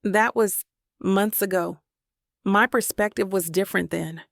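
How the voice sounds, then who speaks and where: A woman's voice: mid-range voice, fairly even intonation, measured pace, gravelly, no echo, clean studio sound. A woman voicing a grumpy male professor from an audiobook romance, speaking in a subdued, pleading way. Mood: apologetic.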